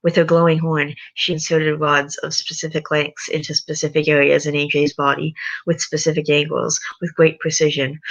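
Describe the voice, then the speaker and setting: Tired young woman streamer reading a story aloud, low gravelly voice, bit bright, muffled lo-fi audio. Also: expressive, moderate pace. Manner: chatty, hesitant, self-correcting. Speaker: livestream host reading a story. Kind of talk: casual livestream, reading aloud. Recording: dull lo-fi sound.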